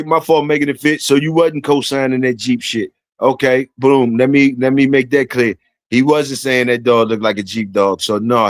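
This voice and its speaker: A livestream host with a medium-pitched voice and no echo trades casual banter with his chat and guests, full of slang, profanity and repetition.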